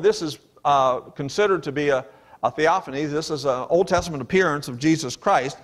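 A man's voice: on the high side, moderate pace. A man preaching a sermon, reading scripture aloud and explaining it in an earnest, emphatic way. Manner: reads King James verses aloud and explains them.

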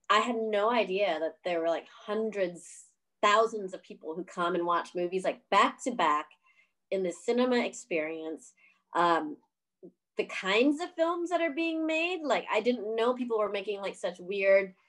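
Chatty swearing woman on a video call. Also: mid-range voice. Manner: chatty, profane, says "like" a lot, laughs often. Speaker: filmmaker. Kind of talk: casual storytelling in an interview.

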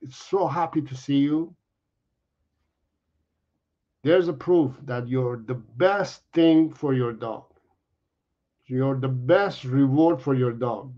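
A middle-aged man who trains dogs talks slowly and earnestly to his viewers. He repeats his points and stops and restarts his sentences, at an ordinary pitch. The audio sounds dull and lo-fi. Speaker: dog trainer. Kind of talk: explaining to viewers.

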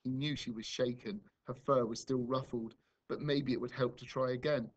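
A male primary school teacher reading a children's novel aloud to his class, with expressive, dramatic storytelling. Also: mid-range voice, normal speed, lo-fi sound.

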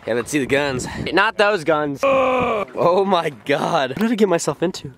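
A young man vlogging outdoors, excitable and laughing often, exclaiming as he talks. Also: fairly high pitch, measured pace, noisy background. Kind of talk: casual outdoor vlog. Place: outdoors at an off-road site.

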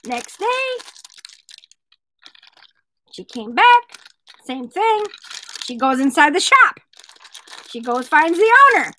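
A woman's voice: sits high, big pitch swings, takes it slowly, pauses often, sharp tone, low-quality recording. A woman selling jewelry in a casual vlog, chatting playfully and telling a joke to viewers she names. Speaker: jewelry seller.

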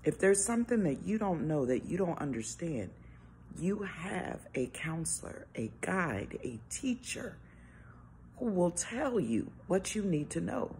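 A low-voiced woman speaks slowly and earnestly in an informal devotional talk, leaning on rhetorical questions. Her pitch rises and falls with lively expression, and a faint hiss sits under the recording.

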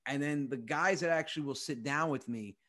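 A man's voice: fairly high pitch, fairly quick, sharp tone. A young man, a comedian telling comic stories on a podcast, acting out the people he quotes. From United States. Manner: comic storytelling, acts out quoted voices, swears freely. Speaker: comedian guest. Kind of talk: animated storytelling.

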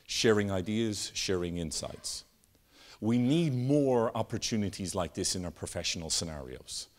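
A man giving a live keynote talk, telling stories and jokes with animated, sweeping emphasis. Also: on the low side, normal speed. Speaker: keynote speaker. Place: conference stage with an audience.

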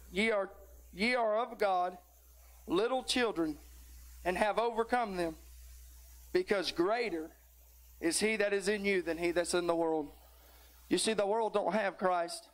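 Man, middle-aged, high voice, folksy sermon, fervent exhortation. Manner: tired near the end. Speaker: preacher.

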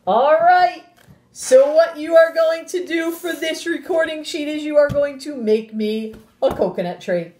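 At a measured pace and in a high voice, a teacher reads aloud to young kids from a picture book, adding gasps and playful sound effects with animated expression. She finishes by giving the class instructions, recorded with a roomy echo.

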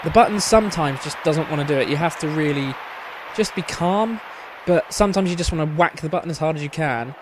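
A man's voice: on the high side, fairly quick, background noise. A man doing casual, sweary, self-mocking commentary over a football video game. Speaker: gaming commentator. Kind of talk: casual let's-play commentary.

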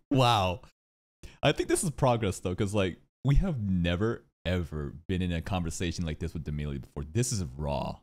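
A man casually reacting to an anime episode, excitable, restarting his sentences, swearing and laughing often. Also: sits low, normal speed.

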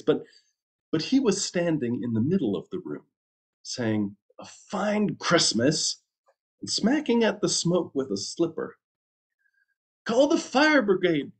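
A man, a minister, reading a story aloud at a church service with an expressive storytelling delivery. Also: medium pitch.

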